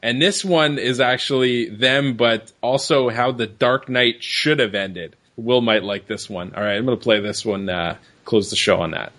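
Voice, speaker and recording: A man co-hosting a podcast, chatting casually in a joking, brisk way. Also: mid-range voice, fairly bright tone. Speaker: podcast co-host. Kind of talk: casual chat.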